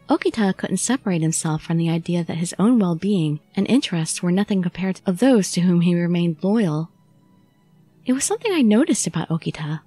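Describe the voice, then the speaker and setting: A woman narrating a visual novel in the first person with a steady storytelling read. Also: on the low side, slightly rough, no room sound. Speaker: audiobook narrator.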